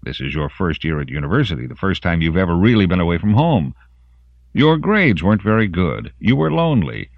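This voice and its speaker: A man's voice: low voice, sing-song, fairly quick, gravelly, no room sound, highs cut off, heavily acted. A man voicing a relentless male interrogator who presses with needling questions.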